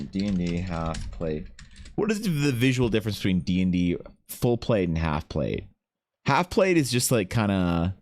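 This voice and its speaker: A young man chatting casually on a live art stream, animated and swearing as he banters with viewers, his voice slightly rough. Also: lowish voice.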